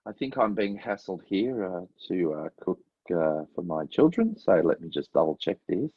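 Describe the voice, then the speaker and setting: Australier mit belegter, trockener Stimme. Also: male voice, sits low, big pitch swings, normal speed, no room sound. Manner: easygoing, laughs along, self-mocking. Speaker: co-host. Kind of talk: casual comedy chat. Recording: dull, husky, dry lo-fi sound.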